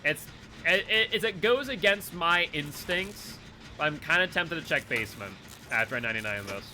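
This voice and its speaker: A man giving live commentary while playing a game, excitable and quick to laugh, jumping to shouts when startled. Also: a little high, slight background noise. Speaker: game streamer.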